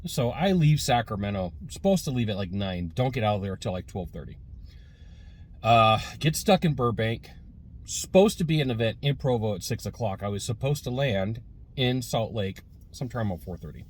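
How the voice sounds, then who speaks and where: A man's voice: fairly low pitch, sing-song, moderate pace, a little hiss or hum. A man giving a casual, rambling sales lesson with many fillers and restarts, recorded while sitting in a car. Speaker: sales trainer.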